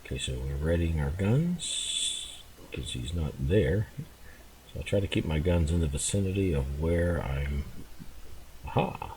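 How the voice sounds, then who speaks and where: A man giving relaxed, rambling commentary while playing a game, chuckling and restarting his thoughts as he goes. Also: rumbling low, measured pace, slight background noise. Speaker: gameplay commentator. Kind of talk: casual gameplay commentary.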